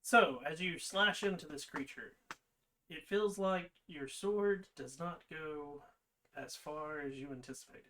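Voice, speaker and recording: Bright-voiced male game master. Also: on the high side, unhurried. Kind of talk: narrating a tabletop game.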